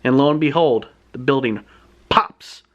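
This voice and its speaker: A man retelling a book's plot in his own words, in a chatty, animated storytelling manner. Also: medium pitch, measured pace, highs cut off. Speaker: book reviewer.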